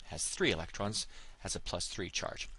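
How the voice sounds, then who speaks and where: Man, chemistry teacher, explanatory lesson, low voice, bright tone. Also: expressive, moderate pace, breathy edge. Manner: explanatory, frequent "of course" and "all right" fillers. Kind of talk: recorded classroom lesson.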